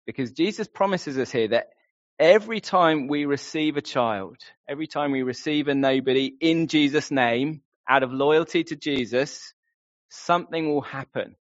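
A man's voice: a little high, normal speed, no room sound. A man preaching a sermon in an earnest way, often putting questions straight to his listeners. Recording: slightly dull lo-fi sound.

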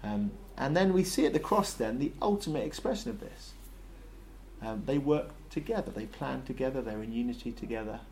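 Guy preaching, chatty, does little back-and-forth voices, middle pitch. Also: expressive, fairly quick, darkish tone, slight background noise. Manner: conversational, acts out short voiced dialogues. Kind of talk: sermon.

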